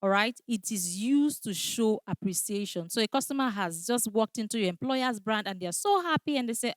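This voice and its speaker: A woman's voice: on the high side, expressive, moderate pace, hardly any pauses, dry recording. A woman teaching a customer service training class, speaking emphatically and often checking in with "all right?". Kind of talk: training lecture.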